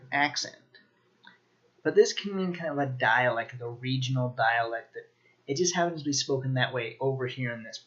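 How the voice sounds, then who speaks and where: A man giving a casual video lesson on vocabulary, talking in a relaxed way with lots of ums and restarts. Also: mid-range voice, highs cut off. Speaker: language teacher.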